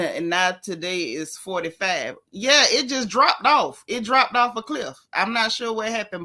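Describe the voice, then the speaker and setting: A woman hosting a casual livestream, talking frankly and warmly about faith and loss while greeting viewers by name. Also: medium pitch. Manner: chatty, greets viewers by name between thoughts; frank, heartfelt, faith-filled talk. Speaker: livestream host.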